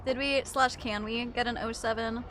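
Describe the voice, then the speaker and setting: A woman's voice: a little high, steady tone, normal speed, a bit bright, a little hiss or hum. A young woman streaming a video game, chatting casually to her viewers, giggly and self-mocking, swearing freely. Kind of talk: casual gaming stream chat.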